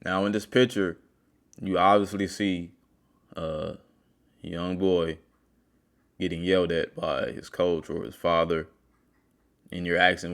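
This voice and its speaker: A deep-voiced man delivers a motivational monologue and speaks straight to the listener. He talks earnestly, like a self-help host telling a story from his own life. His low voice stays steady as he works through his point. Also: takes it slowly, long pauses. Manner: earnest, storytelling, addresses viewer directly.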